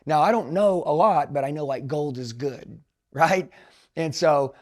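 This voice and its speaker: A man in his forties, a sales trainer, telling a story in an emphatic, animated, slangy way and calling his listeners dude. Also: on the high side, unhurried. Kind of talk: motivational storytelling.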